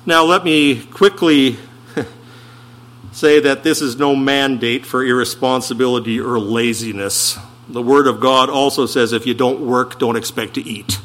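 A man preaching a sermon as pastor, stressing slowed phrases and asking rhetorical questions. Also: medium pitch, steady tone, a bit bright.

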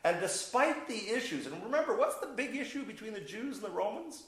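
A man's voice: high voice, sing-song, brisk, fairly bright tone, reverberant, rough recording. A man preaching a sermon, teaching verse by verse with emphatic, playful asides and questions to the congregation. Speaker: pastor.

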